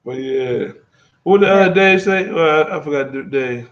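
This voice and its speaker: A man's voice: on the high side, normal speed. Laid-back man on a live stream. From Texas. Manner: laid-back, many fillers and restarts, reads viewer comments aloud. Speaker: travel vlogger host. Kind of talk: casual live-stream chat. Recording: dull lo-fi live-stream audio.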